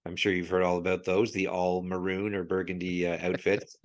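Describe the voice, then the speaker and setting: Animated man telling stories. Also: deep voice, a little fast. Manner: animated storyteller, laughs often. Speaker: podcast guest, sports logo expert. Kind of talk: casual podcast chat.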